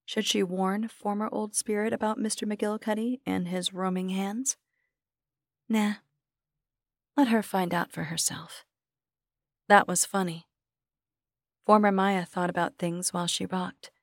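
A woman reading a horror short story aloud as narrator, measured and sometimes dropping to a whisper. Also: mid-range voice, fairly even intonation, no room sound, studio quality.

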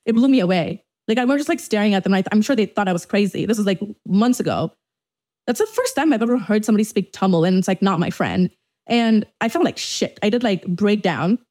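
A woman's voice: mid-range voice, animated, fairly quick, a little mellow. A young woman from Dubai hosting her podcast, talking through personal struggles in a frank, profane way, with many restarts and fillers. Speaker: podcast host. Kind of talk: candid confessional monologue.

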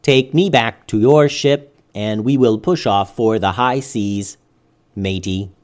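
A man voicing a calm, commanding male robot, speaking slowly and deliberately. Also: lowish voice. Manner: slow, deliberate, stern.

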